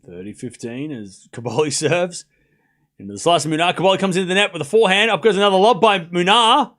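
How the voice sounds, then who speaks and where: Brief: high-voiced male streamer, excitable play-by-play, laughs a lot. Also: fast talker. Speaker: streamer host. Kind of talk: live watchalong commentary.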